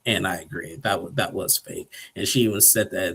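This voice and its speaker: Husky-voiced man rambling through a recap. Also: low voice, moderate pace, hardly any pauses, a bit bright. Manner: rambling, chuckles often, acts out quotes. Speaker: TV episode recapper. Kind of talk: casual recap commentary.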